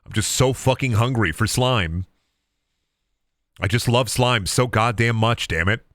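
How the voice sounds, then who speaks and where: A man streaming a game, talking casually and jokingly, rambling and muttering to himself, sometimes breaking into silly high sing-song bits. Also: measured pace, fairly bright tone, no echo. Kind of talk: casual gameplay commentary.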